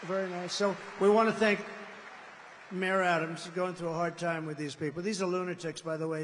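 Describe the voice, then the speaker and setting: In a large indoor arena with long reverb, a political candidate with a high-pitched, fairly bright voice delivers a boastful rally speech. He rambles and digresses, drifting from point to point.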